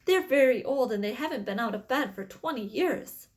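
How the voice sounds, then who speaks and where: A woman reading aloud, voicing an eager, earnest young boy in a storybook with a raised, excited voice. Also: a little high, normal speed, close to an everyday voice. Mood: sad.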